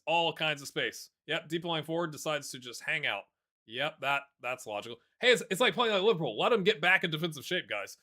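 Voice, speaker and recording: A man giving casual, excitable commentary on a football management game, chatting to his viewers and calling the players lads. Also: on the high side. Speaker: gaming YouTuber. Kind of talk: casual let's-play commentary.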